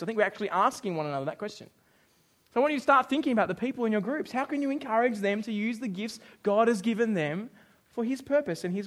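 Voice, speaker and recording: A young Australian man preaching a sermon as pastor, joking and acting out quoted voices. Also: high-pitched. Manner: jokey, animated, acts out quoted voices.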